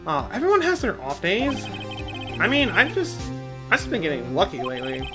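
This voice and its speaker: A man's voice: high voice, wildly swooping pitch, normal speed, music in the background. A man voicing a young male defense attorney in a video game, who sounds reassuring but jittery.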